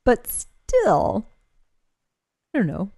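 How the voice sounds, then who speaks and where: A woman co-hosting a podcast in a casual fan discussion, playful and quick to laugh. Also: on the high side, huge pitch swings, dark tone, no room sound, studio quality. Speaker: podcast co-host.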